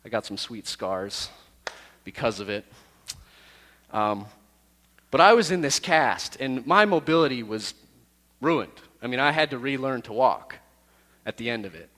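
A man who is a youth pastor, telling a personal story to his youth group in a lively, self-deprecating way. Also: mid-range voice, a little slow, long pauses, in a large hall.

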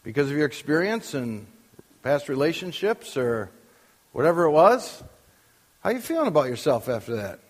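A man's voice: fairly high pitch, big pitch swings, normal speed, big-room sound. An older man preaching as a pastor, conversational and full of questions to the congregation. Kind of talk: sermon. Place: church.

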